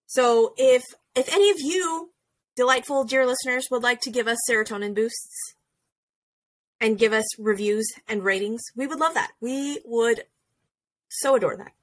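A woman's voice: on the high side, normal speed. Bubbly woman podcast co-host. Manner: bubbly, exclaims and restarts often. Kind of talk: casual podcast chat.

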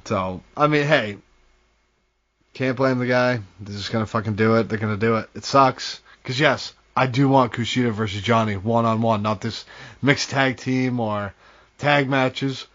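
A man's voice: mid-range voice, normal speed, a bit bright. A man co-hosting a podcast in casual chat, laid-back, swearing casually and laughing often. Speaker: podcast co-host. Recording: dull lo-fi podcast audio.

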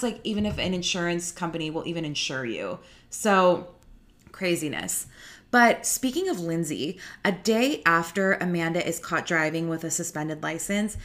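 Woman host, casual gossipy podcast delivery, slightly low pitch. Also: a bit bright. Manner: chatty, heavy use of "like", gossipy.

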